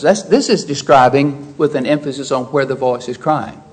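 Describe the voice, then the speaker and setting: A man's voice: on the high side, moderate pace, darkish tone, poor audio. A man preaching a verse-by-verse sermon, raising his voice when he quotes scripture and asking the listeners questions. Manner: emphatic, rising sharply when quoting scripture; explains verse by verse with rhetorical questions. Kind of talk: expository sermon.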